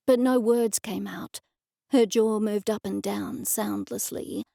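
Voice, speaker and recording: Bright-voiced female audiobook narrator. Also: on the high side, gravelly, no echo, studio quality. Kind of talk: first-person scripted narration.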